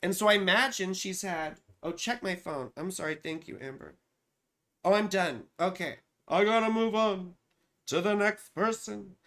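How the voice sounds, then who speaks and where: A woman astrologer runs a live stream and chats casually as she reads viewer comments aloud. She swears freely, teases, and jokes at her own expense. Her lowish voice has a fairly bright tone and a moderate pace.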